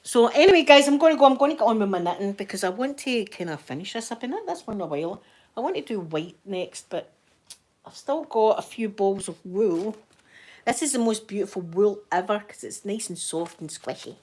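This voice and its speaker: Brisk and a little mellow, this mid-range female voice moves with lively intonation. She's the Glasgow-accented host of a casual livestream, rambling chattily and dropping in Scots words, and she comes from Scotland.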